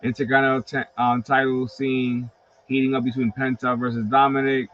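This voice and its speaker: A man's voice: medium pitch, brisk. Chatty man telling stories on a livestream. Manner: animated, profane storytelling with lots of fillers. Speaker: host of a wrestling collectibles livestream. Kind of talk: casual livestream chat. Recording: slightly dull lo-fi stream audio.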